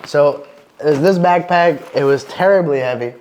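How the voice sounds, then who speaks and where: A man's voice: a little high, moderate pace. Chatty man telling a travel story. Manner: lively storyteller with many fillers. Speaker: podcast guest. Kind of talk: casual interview chat.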